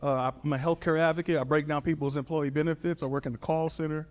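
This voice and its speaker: A man performing a stand-up bit, telling a work story in an animated, punchy way. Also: fairly high pitch, fast. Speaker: stand-up comedian. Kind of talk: stand-up set.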